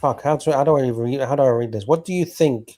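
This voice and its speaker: A man's voice: medium pitch, fast, warm tone. A man hosting a casual livestream, reading viewer donations aloud, loose and sweary. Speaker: livestream host.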